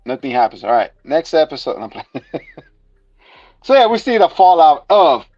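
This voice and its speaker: A man's voice: fairly high pitch, sing-song, moderate pace, darkish tone, no echo, lo-fi sound, faint music behind. A man co-hosting a casual comedic show review, joking and rambling playfully. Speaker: podcast co-host.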